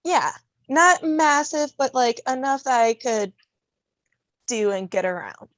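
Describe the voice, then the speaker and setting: A woman's voice: high voice, animated, slow, dry recording. A woman talking casually as a podcast guest, telling stories with laughter. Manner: chatty, laughs often, storytelling. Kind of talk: casual conversation.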